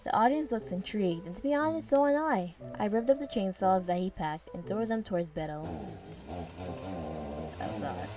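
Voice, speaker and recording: A woman's voice: mid-range voice, expressive, brisk, few pauses, music in the background. A woman narrating a first-person story in a descriptive, wry way.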